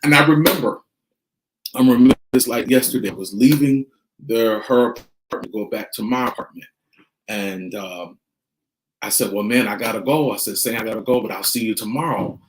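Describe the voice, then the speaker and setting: A man's voice: fairly low pitch, normal speed, slight background noise. A middle-aged man vlogging family advice in an earnest, repetitive way, telling stories and acting out what people said. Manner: earnest, repeats key points, retells scenes with quoted dialogue. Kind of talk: casual monologue to camera. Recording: roomy echo.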